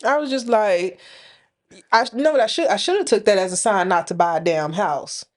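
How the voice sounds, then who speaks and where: A woman's voice: medium pitch, fairly quick. A woman in her thirties co-hosting a podcast in casual chat, telling stories and acting out both sides of conversations. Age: 30s. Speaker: podcast co-host.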